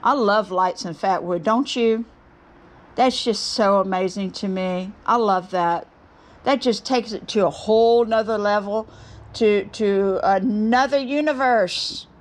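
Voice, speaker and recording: A woman's voice: medium pitch, a little slow. A middle-aged woman, gushing and bubbly as she chats casually to camera about her woodturning project. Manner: bubbly, gushing, excited exclamations. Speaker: woodturning channel host.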